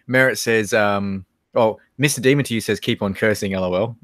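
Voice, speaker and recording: A man's voice: on the low side, moderate pace, a bit bright, no echo, clean studio sound. An Australian man co-hosting a casual livestream, laughing often and reading chat comments aloud. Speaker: livestream co-host.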